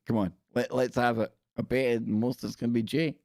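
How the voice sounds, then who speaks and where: A man's voice: medium pitch, little pitch movement, brisk, hardly any pauses, darkish tone, no echo, studio quality. A man hosting a casual live stream, reading an article aloud and chatting with viewers. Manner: chatty, reads aloud and talks to chat viewers.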